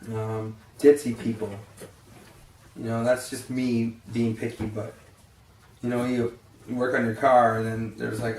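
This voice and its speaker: In a flat, darkish mid-range voice at normal speed, a young vlogger rambles bluntly, swearing and using many fillers while tired and yawning. He's set back from the mic in a roomy, echoey space, with a little hiss or hum.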